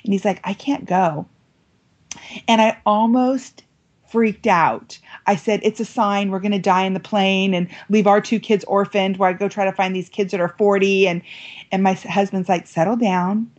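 A woman guest telling a story on an interview podcast, lively and acting out quoted voices. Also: mid-range voice, normal speed, dull audio. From United States. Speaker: guest author. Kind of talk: animated storytelling.

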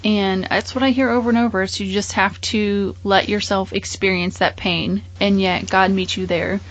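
A woman's voice: mid-range voice, steady tone, moderate pace, poor audio. A woman interviewer asking heartfelt questions and reacting with emotion. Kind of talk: interview, faith talk.

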